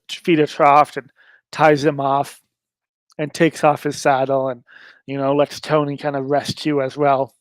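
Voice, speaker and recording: A man's voice: on the high side, darkish tone, dry recording. Rambling man narrating a solo game. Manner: rambling, many fillers.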